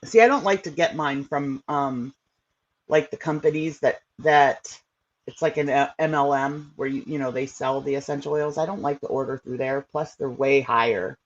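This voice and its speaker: A woman's voice: extremely low pitch, moderate pace, dull audio. A woman hosting a casual livestream, chatting with viewers in a rambling way with lots of fillers. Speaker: livestream host.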